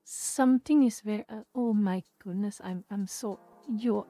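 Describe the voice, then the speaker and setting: A woman's voice: medium pitch, a little slow, dark tone, no echo. A woman hosting a casual livestream, ranting in exasperation and repeating herself as she talks to her chat. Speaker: livestream host.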